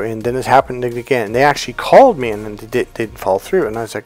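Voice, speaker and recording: A man's voice: mid-range voice, a little fast, hardly any pauses, soft background music. A man in a life coach role, talking through an example in a casual teaching monologue and acting out the quoted dialogue. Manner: conversational, acts out quoted dialogue.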